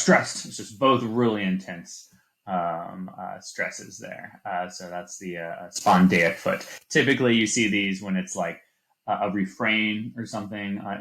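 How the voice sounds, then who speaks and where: A man's voice: low voice, a bit bright. A man teaching a class, lecturing loosely with many fillers and restarts. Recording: echoey room.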